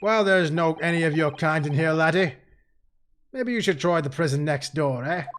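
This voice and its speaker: A man voicing a gruff, suspicious Scottish male prison governor in a hostile, threatening brogue, reading game dialogue aloud. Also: a little high, brisk, fairly bright tone, a little hiss or hum, close to an everyday voice.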